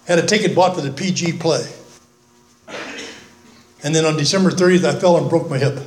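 A man's voice: a little high, fairly quick. An older man giving a folksy, earnest talk at a recovery meeting, with self-mocking humor. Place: meeting room, speaking from the front. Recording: echoey meeting room.

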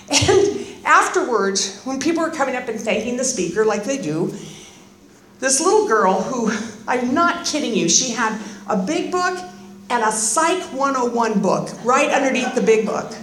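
Brief: fifties woman, recovery speaker, wry and lively, fairly high voice, roomy reverb. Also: unhurried. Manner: animated, sarcastic, acts out voices. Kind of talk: personal testimony with humor. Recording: roomy echoing meeting hall.

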